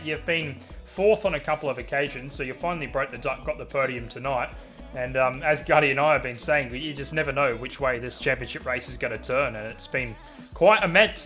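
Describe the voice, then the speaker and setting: A man's voice: medium pitch, fast, fairly bright tone, faint music behind. A man commentating a sim race and interviewing drivers afterwards, upbeat and calling everyone mate. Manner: upbeat, says "mate" a lot. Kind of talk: casual sim racing commentary.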